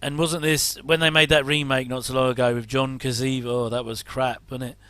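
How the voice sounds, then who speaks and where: A man's voice: medium pitch, flat delivery, a little fast, a bit bright, clear, resonant tone, dry recording. A middle-aged English man rambling casually through a reaction commentary, with chatty, self-deprecating asides. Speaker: host.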